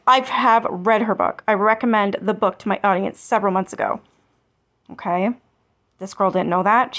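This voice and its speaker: A woman's voice: on the high side, a bit bright. A woman hosting a commentary channel, reading online comments aloud and answering them with sarcasm and swearing. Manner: sarcastic and scornful, swears freely.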